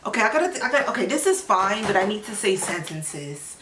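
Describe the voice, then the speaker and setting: A young adult woman vlogger talking casually to her viewers, slangy and animated, practicing Spanish words. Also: medium pitch, quick pace, hardly any pauses, echoey room. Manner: animated, slangy, talks to viewers, bursts of excitement.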